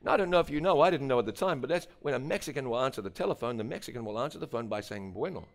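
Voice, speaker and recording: A man's voice: medium pitch, racing. A man with a New Zealand accent telling his testimony in a humorous, storytelling sermon. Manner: animated, humorous, acts out dialogue. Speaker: preacher giving a testimony.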